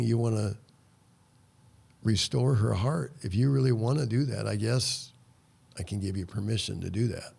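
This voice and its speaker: A man's voice: fairly low pitch, gravelly, a little mellow. An older man, a guest on a talk show, earnestly tells a story of ministry and acts out his prayers as dialogue. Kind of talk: storytelling testimony in conversation.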